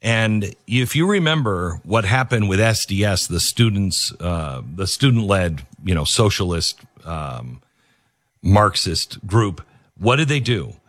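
A man's voice: on the low side, animated, unhurried, fairly bright tone, no room sound, studio quality. A man delivering a political opinion monologue, emphatic and repetitive, with frequent fillers and restarts. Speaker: political commentator.

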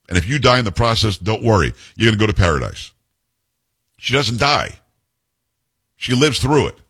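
A male talk radio host taking calls and telling stories in a blunt, forceful way. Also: on the low side, husky. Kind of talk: opinionated call-in talk radio.

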